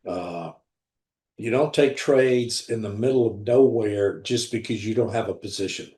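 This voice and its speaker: A man hosting a live trading room, talking through charts in a deliberate, blunt way and often repeating himself. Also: lowish voice, dark tone. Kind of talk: live market commentary over charts. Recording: roomy echo.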